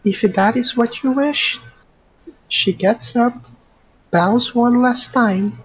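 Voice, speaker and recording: A woman plays a tabletop role-playing game, speaking earnestly and with some formality as her character. Her voice is husky and breathy at a middle pitch. The dull, lo-fi mic takes the edge off her sound. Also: slow pace, pauses often. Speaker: player. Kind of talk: casual tabletop role-play.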